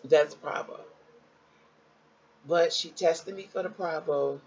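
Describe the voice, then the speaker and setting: Animated woman telling her story. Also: slow, husky, highs cut off. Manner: animated, jumps high when quoting others; conversational, addresses viewers as y'all. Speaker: vlogger sharing a personal health story. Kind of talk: casual storytelling to viewers.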